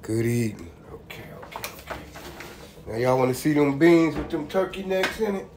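A man's voice: on the high side, lively intonation, moderate pace, background noise. A man, casually showing his home cooking and talking to viewers as "y'all". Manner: laid-back, talks to viewers as "y'all". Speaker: home cook vlogger. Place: home kitchen. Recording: roomy kitchen with faint background ambience.

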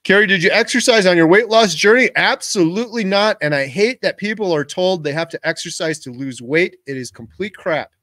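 Man in his 40s, livestream host, lively storyteller, fairly high voice, dry close sound. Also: fairly quick, few pauses, dry recording. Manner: animated storytelling, talks over his wife. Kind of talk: casual livestream chat.

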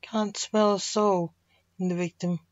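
Junior: quiet young man, necromancer, touchy, slow words, read by a woman. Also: mid-range voice, steady tone, dry recording, highs cut off, close to an everyday voice. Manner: quiet, sniffing, snaps when annoyed.

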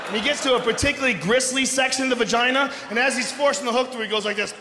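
A middle-aged man doing a stand-up comedy routine on a big theater stage, loud and profane, shouting his punchlines. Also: very high voice, very fast. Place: large theater stage before a live audience. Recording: echoey hall recording with audience noise.

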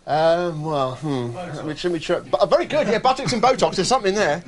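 Punning man with a lively voice. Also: on the high side. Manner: rapid punning, laughs at own jokes. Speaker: comedian guest. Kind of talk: joke-filled chat show banter. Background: studio audience laughter.

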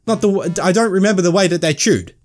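A young man with a high-pitched voice and a quick pace does let's play commentary, reading a game's inner thoughts in choppy, broken grammar. He jokes around and swears casually as he plays.

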